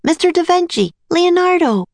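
A woman reading aloud, voicing an eager, excited little girl in a storybook. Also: sits high, moderate pace, vocal fry, no echo, voice pushed up, full character voice.

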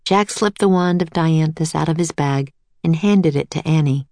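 A woman reading a children's storybook aloud as narrator, in an even, clear read-aloud manner. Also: sits low, normal speed, dry recording.

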